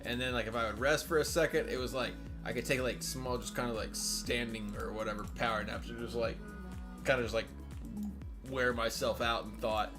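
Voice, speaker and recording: A man's voice: mid-range voice, steady tone, fairly quick, music in the background. Rambling young man on voice chat. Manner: rambling storyteller with constant "like" fillers and swearing. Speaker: gamer on group voice chat. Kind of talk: casual chat.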